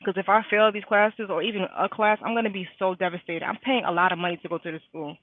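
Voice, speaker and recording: A woman's voice: mid-range voice, fairly even intonation, quick pace. A young woman, a nursing student, venting candidly in a casual vlog, stressed out and full of slang and fillers. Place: in her car, parked at school. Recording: tinny phone-like sound, dry.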